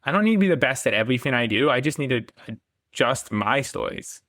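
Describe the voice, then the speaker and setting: A man's voice: medium pitch, animated, quick pace, a bit bright, no room sound, clean studio sound. A man speaking as a podcast guest in a casual conversation, enthusiastic and self-deprecating, laughing often.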